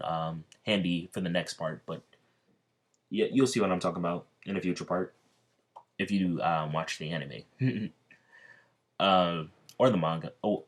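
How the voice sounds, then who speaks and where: A man narrates a fan-made story in a loose, rambling way, stumbling over words and restarting often. His voice sits deep and low. It sounds off the cuff rather than scripted. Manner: rambling, halting, many fillers and restarts. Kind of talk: casual fan-fiction narration.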